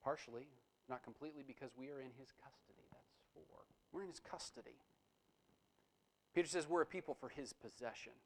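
A man's voice: medium pitch, fairly quick, creaky, slight background noise, poor audio. A middle-aged man preaching a sermon as pastor, conversational and personal, with emphatic bursts.

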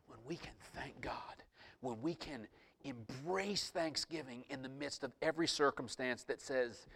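A man preaching a sermon as pastor, swinging from loud exclamations to hushed near-whispers and telling stories with repeated words and restarts. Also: mid-range voice, animated, normal speed, a little hiss or hum.

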